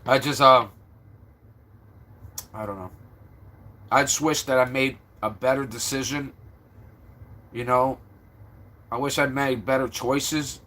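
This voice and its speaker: A man's voice: fairly even intonation, takes it slowly, long pauses, bright, forceful tone. A stressed man from Florida rambling casually to his livestream viewers. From Florida, USA. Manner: rambling, talks to viewers, turns low and subdued.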